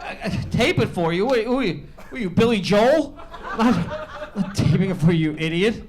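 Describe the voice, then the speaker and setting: Brash high-voiced male stand-up comic. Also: animated, brisk, crowd noise. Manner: brash, swears freely, shouts punchlines. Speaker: stand-up comedian. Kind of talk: stand-up comedy set. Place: comedy club stage.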